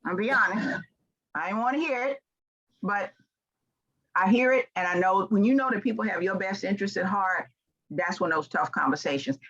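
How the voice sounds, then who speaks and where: A woman's voice: mid-range voice, moderate pace, pauses often, dull audio. A woman in her sixties with a Southern American accent, giving an earnest, emphatic motivational talk as a keynote speaker. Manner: earnest and emphatic, with rising animated stretches.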